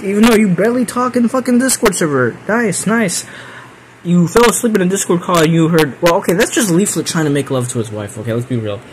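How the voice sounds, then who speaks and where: A young man hosting a livestream, reading viewer confessions aloud and reacting with loud exasperated swearing. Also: on the high side, background noise. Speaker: streamer host.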